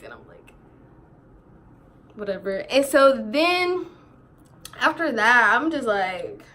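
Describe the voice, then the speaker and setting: A young woman in her teens telling a storytime vlog in casual chat, animated, slangy and quick to laugh while she quotes others. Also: fairly high pitch, slight background noise. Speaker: vlogger.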